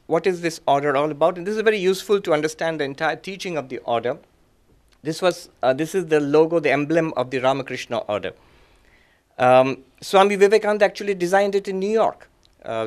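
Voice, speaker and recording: A middle-aged monk gives a lecture in a somewhat high, light male voice. He tells his story gently and reflectively, in short phrases broken by frequent "uh" and "um" pauses. Now and then he laughs quietly at himself. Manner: gentle, reflective, chuckles softly at his own anecdotes. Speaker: monk and guest speaker.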